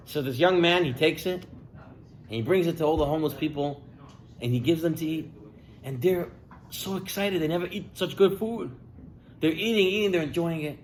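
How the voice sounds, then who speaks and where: A man giving a sermon as a rabbi, telling stories with lively delivery and acting out the people in them. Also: a little high, normal speed, pauses often, poor audio. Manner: animated storyteller, acts out characters' lines. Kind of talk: sermon with storytelling.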